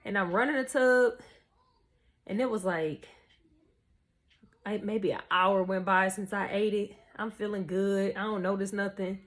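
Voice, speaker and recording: A young woman telling a story to camera in a casual, animated, profane way, full of slang. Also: medium pitch, measured pace, pauses often. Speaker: vlogger.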